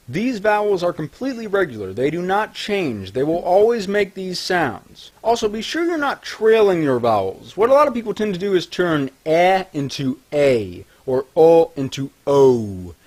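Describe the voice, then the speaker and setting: A man narrating a language tutorial, scripted and deliberate, slowing down to enunciate example sounds clearly. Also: high-pitched, very animated, darkish tone. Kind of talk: scripted instructional voice-over.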